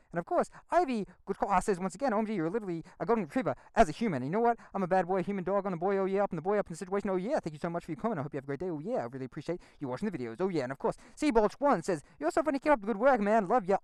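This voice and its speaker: A young man talks very fast in a goofy, playful vlog. He rides a motorcycle and reads out viewer comments, and he keeps repeating silly catchphrases. His voice sounds dry and close, with no room around it. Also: high voice, darkish tone, no room sound. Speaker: motorcycle vlogger. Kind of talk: casual vlog narration.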